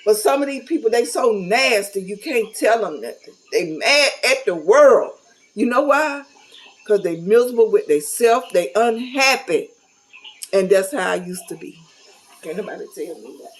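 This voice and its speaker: A woman's voice: on the high side, lively intonation, normal speed, low-quality recording. A middle-aged woman talking casually to camera, candid and blunt, with a folksy, preachy manner. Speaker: vlogger.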